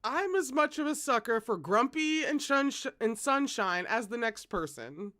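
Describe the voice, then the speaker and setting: A host reads a novel aloud with expressive delivery and drops in chatty asides. The voice sits at a middling pitch and sounds close and dry. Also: unhurried, dry recording. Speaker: read-aloud reader.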